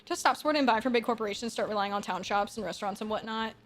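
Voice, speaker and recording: Woman streamer, higher-pitched, casual and chatty, quick replies to comments. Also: slight background noise. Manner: chatty, answers viewer comments in quick bursts; soft baby talk to her dog. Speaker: live streamer. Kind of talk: casual live-stream chat.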